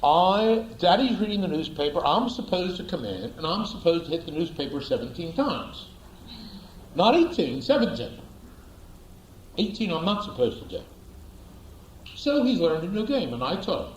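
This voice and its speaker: A man giving a storytelling lecture in an animated way, repeating words for emphasis. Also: high voice, normal speed, reverberant, a little hiss or hum, poor audio. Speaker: speaker, lecturer.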